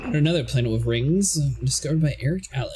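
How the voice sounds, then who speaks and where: Male co-player, teasing banter, lively pitch, noisy line. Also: fast. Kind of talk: casual gaming chat.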